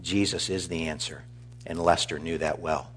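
A middle-aged pastor giving a funeral eulogy, earnest and measured as he tells stories. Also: extremely low pitch, steady tone, slight background noise. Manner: earnest, measured, warmly storytelling.

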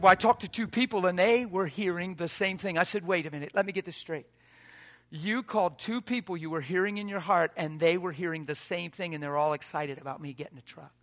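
A man preaching a sermon, telling a personal story with lively acted-out quotes and frequent laughter. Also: a little high. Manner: animated, acts out quotes, laughs often.

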